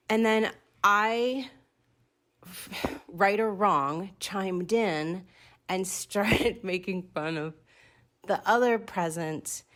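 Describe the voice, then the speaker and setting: A woman hosting a podcast in a lower register, chatty and excitable. She laughs at herself as she rambles toward her point. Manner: chatty, excitable, self-deprecating. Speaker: podcast host. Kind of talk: casual solo podcast talk.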